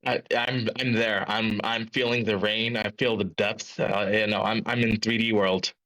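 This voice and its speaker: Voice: medium pitch, little pitch movement, moderate pace, fairly bright tone, rough recording. A participant in a casual book chat, speaking enthusiastically with stammering restarts.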